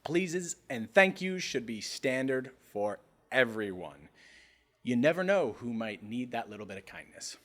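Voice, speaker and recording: Lively, emphatic young man. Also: medium pitch, a little slow. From North Carolina. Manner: emphatic and passionate, swears freely. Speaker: podcast co-host. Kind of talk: casual chat.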